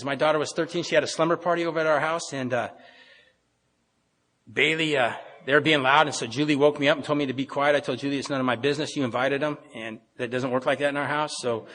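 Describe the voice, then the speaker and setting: A man's voice: mid-range voice, a bit bright. A middle-aged man telling his recovery story to a meeting, plainspoken, with frequent restarts. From Pacific Northwest of the US. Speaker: AA meeting speaker. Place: meeting hall. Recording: reverberant meeting hall.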